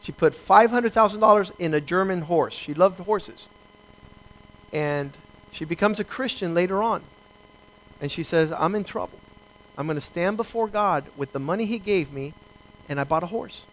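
Man pastor, high-pitched voice, preaching with emphatic slowed phrases and scripture readings. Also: fairly bright tone, slight background noise, poor audio. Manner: preaching with emphatic slowdowns, quoting scripture and acting out dialogue. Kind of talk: sermon.

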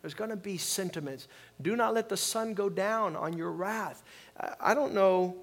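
A man preaching a sermon as pastor, calling on the congregation to repeat lines and swinging from quiet reflection to loud emphasis. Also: sits high, moderate pace. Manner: preaching with call-and-response, swings from soft to loud.

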